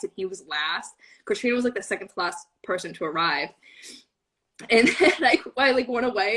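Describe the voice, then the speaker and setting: A woman's voice: mid-range voice, a bit bright, low-quality recording. Gushing young woman telling a story. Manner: gushing, breathless, many fillers. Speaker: fan panelist. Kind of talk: casual excited storytelling.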